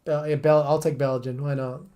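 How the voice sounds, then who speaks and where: A woman's voice: low-pitched, brisk. A woman from England with an English accent, chatting casually on a live stream while she draws, laughing and swearing often. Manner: animated, laughing, swearing, reading chat. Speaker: streamer, artist.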